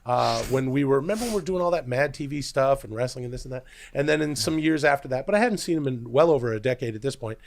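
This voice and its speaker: A man talks in a fast, gravelly voice on a comedy podcast. He rambles through loose stories with restarts and asides. The chat is casual and quick. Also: medium pitch, expressive. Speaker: podcast co-host.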